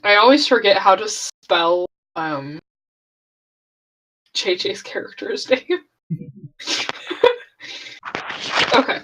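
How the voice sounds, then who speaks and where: A woman running a tabletop one-shot as game master over an online voice call, unhurried and thinking aloud with small laughs. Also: medium pitch, lively intonation, a bit bright, rough recording. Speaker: dungeon master.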